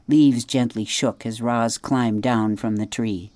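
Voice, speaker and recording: A woman narrating a children's audiobook in an expressive storytelling manner, dropping soft at asides. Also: extremely low pitch, moderate pace, few pauses, no room sound. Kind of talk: scripted narration.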